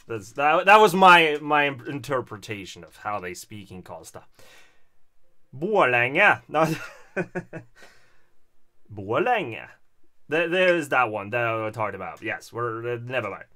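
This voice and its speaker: A Swedish-accented man streams and chats, his pitch bouncing about while he talks at an unhurried pace. His voice sounds bright, and he rambles hesitantly, chuckling now and then. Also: sing-song. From Stockholm, Sweden. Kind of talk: casual livestream commentary.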